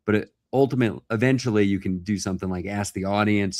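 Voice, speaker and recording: An American man hosting a podcast, talking in a relaxed, reflective way and sharing advice. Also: lowish voice, fast, no echo, clean studio sound. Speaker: podcast host. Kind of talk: casual interview chat.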